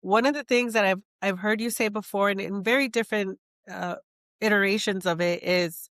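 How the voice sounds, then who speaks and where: A woman hosts a podcast and reflects warmly on her guest, talking in a relaxed, conversational way. She laughs easily between her points. Her voice is close and dry. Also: mid-range voice, normal speed, no room sound. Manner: reflective, laughs often, sums up the guest's traits. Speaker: podcast host. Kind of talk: casual interview conversation.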